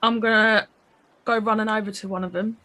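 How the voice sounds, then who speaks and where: A woman playing a tabletop game, talking quickly and mischievously. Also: medium pitch, fairly even intonation, bright, forceful tone. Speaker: player. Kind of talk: tabletop role-play.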